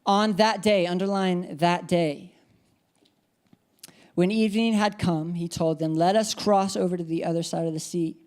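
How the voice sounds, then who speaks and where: A woman's voice: fairly low pitch, fairly even intonation, moderate pace, darkish tone. Woman preaching an emphatic sermon. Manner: emphatic, repeats key phrases, leads congregation responses. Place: church.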